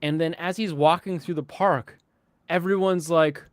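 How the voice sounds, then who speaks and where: A man hosting a casual podcast chat, ranting in an animated, sardonic way and slipping into mocking voices. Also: on the high side, normal speed. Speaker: host.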